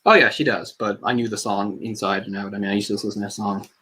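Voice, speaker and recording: A man co-hosting a casual movie discussion podcast, a singer with a tenor voice, talking in a rambling, animated way full of fillers. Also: lowish voice, quick pace, breathy edge. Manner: rambling, animated, heavy use of "like"; tenor speaking voice from a trained singer. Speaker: podcast co-host. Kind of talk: casual film discussion chat.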